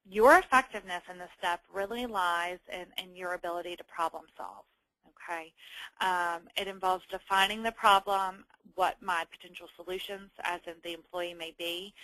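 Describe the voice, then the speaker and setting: A woman, an HR manager, giving a conversational webinar presentation, often pausing on ums and restarting her sentences. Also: medium pitch, sharp tone, dry recording, rough recording.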